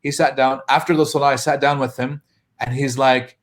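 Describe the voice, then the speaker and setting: A man's voice: mid-range voice, little pitch movement, brisk. A man from the United States, a mosque imam, telling anecdotes casually in a panel talk, chuckling now and then.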